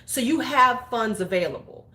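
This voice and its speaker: A woman's voice: a little high, expressive, moderate pace, bright, forceful tone. A woman in her forties, a beauty YouTuber, talking bluntly and profanely in casual opinion chat. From United States. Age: 40s. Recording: roomy echo.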